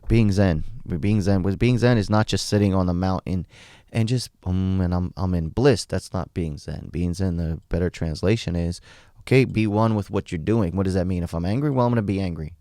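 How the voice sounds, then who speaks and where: A man speaking candidly as a podcast guest, blunt and animated, swearing freely while recounting his experiences. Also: low voice, brisk, no room sound, studio quality. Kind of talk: candid conversational storytelling.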